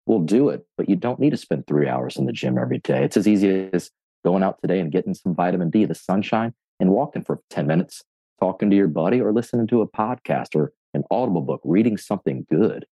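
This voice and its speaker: A deep, mellow man in his forties tells how he got into fitness, recorded close and dry. He talks casually, swears freely and plays out the voices of friends and himself. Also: fast talker, husky, dry recording. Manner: animated storyteller, acts out quotes, swears casually. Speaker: gym owner and fitness coach. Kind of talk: podcast interview, casual storytelling.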